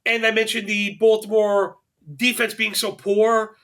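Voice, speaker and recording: A man's voice: sits high, little pitch movement, a little slow, fairly bright tone, clear, resonant tone. A man analyzing fantasy football on a podcast, rattling off stats and slipping in dry jokes. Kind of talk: fantasy sports podcast chat.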